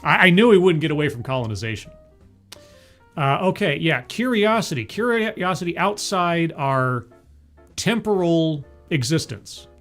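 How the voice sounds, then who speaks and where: A man's voice: a little high, very animated, unhurried, a bit bright. Rambling jokey man with faint music behind. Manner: rambling, jokey asides, many fillers and restarts. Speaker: commentator reacting to a talk. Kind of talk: casual reaction commentary.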